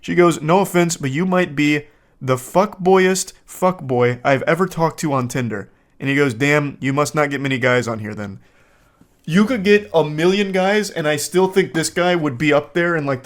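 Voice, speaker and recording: A man in his thirties reads out text messages in a dry, deadpan way. His voice sits a touch high for a man, and he jumps into loud, disbelieving outbursts between the quoted lines. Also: moderate pace. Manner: deadpan with sudden incredulous outbursts. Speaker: commentator reading text messages. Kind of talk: comedic commentary.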